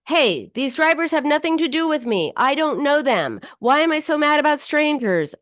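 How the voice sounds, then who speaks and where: A woman therapist quoting her client, a frustrated woman speaking about her feelings in a flat, matter-of-fact way. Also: high voice, normal speed, dry recording, studio quality, voice pushed up.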